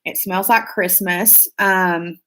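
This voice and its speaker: A woman's voice: on the low side, steady tone, slow pace, pushed and bright. A woman hosting a casual beauty live stream, reading viewer comments aloud in a gushing, chatty way with lots of fillers.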